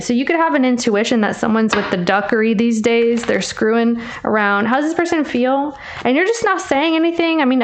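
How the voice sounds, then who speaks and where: A woman giving a casual tarot reading, chatty and teasing, calling the listener babe. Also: fairly high pitch. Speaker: tarot reader.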